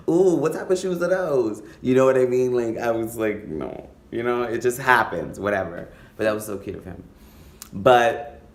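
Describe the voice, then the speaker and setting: A campy, animated man telling stories to camera in a casual vlog. His voice sits a bit low, slipping into Spanish phrases and playful high voices now and then. The room is echoey. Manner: switches between English and Spanish phrases. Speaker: vlogger.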